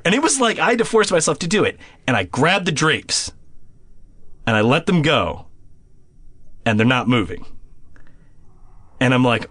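A young adult man as a podcast guest, telling a story in a casual, animated way, swearing often and restarting his phrases. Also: medium pitch, no echo.

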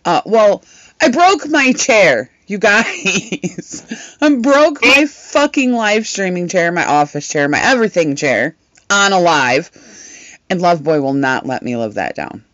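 A woman co-hosting a casual chat, telling stories in an animated way, swearing freely and laughing often. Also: fairly low pitch, slow, no echo, highs cut off. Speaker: podcast co-host and live streamer.

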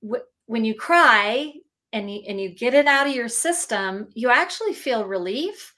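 A woman's voice: on the high side, lively intonation, unhurried, pushed and bright. A woman talking as an emotions advocate in a casual podcast chat, earnest and reflective, often repeating phrases for emphasis.

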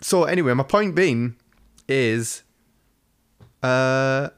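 Guy cohosting a podcast, rambly storyteller, swears a lot, mid pitch. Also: animated, slow, smooth. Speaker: podcast co-host. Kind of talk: casual chat.

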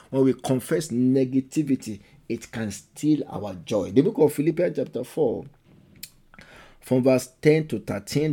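A man preaching a sermon and leading the congregation in fervent prayer, repeating his phrases and rising into loud exhortation. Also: on the high side, creaky, breathy edge. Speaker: pastor.

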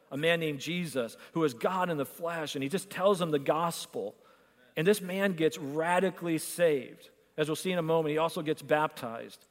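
Preaching man in an echoing hall. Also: a little high. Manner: storytelling, acts out dialogue. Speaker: pastor. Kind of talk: sermon. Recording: long hall reverb.

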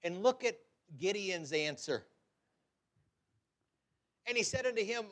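A middle-aged man preaching a sermon, fervent, swinging between loud exhortation and quiet asides. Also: high voice, animated, unhurried, long pauses.

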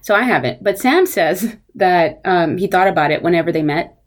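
A woman's voice: fairly low pitch, normal speed. A woman co-hosting a podcast in casual chat, blunt and joking, breaking into playful sing-song asides. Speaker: podcast co-host.

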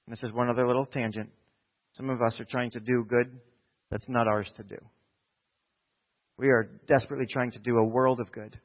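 Man from New Jersey preaching a sermon, middle pitch, shifting between soft asides and rousing calls, muffled lo-fi sound. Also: little pitch movement, fast. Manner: conversational, swings from quiet asides to loud exhortation. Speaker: pastor.

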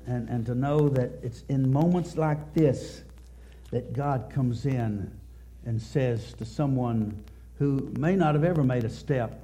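With a warm, medium-pitched voice, a middle-aged male pastor preaches at a church service, stumbling through a story and repeating words often. A little hiss or hum sits in the recording.

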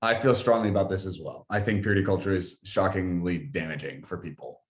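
Curious low-voiced male podcast host. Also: steady tone, brisk. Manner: curious, probing, many "like" fillers. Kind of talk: casual interview chat.

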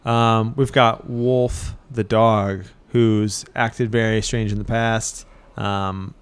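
Smooth-voiced man telling a story. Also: lowish voice, little pitch movement, slow. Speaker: storyteller and co-host. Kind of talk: casual storytelling.

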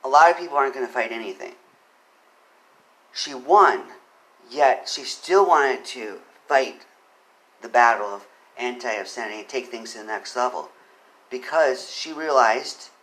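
A man giving spoken commentary on a legal case, earnest, reading quotes quickly and pressing his points with emphasis. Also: mid-range voice, fairly bright tone, poor audio. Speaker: commentator on court cases.

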